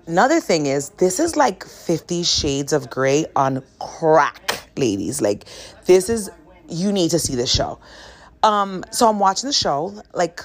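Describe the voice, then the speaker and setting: Chatty woman with a lively, lower voice. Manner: chatty, candid, self-mocking. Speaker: podcast host. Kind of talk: casual storytelling monologue.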